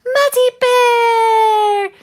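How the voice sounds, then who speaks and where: A woman voicing an excitable little female moose from a children's picture book, in high squeaky cries. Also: takes it slowly, full character voice. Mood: excited, pleading.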